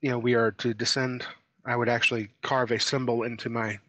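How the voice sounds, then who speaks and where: A man's voice: medium pitch, flat delivery, brisk, a bit bright, no echo. A man playing a tabletop game, talking hesitantly with many fillers. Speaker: player. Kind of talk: casual tabletop play.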